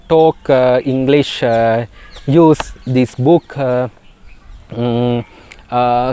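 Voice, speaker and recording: In a mid-range voice that is mellow, clear and resonant, a Sri Lankan man teaches a beginner spoken English lesson. His first language is Sinhala, and he speaks haltingly, often using fillers and repeating words.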